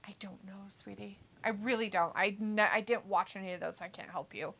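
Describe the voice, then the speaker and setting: Female co-host, bright tone, giggly and teasing, reads out live chat. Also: medium pitch, steady tone, a little fast, gravelly. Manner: laughs often, teasing, reads viewer comments aloud. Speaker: co-host reading chat on a wrestling watch-along stream. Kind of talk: casual live-stream chat.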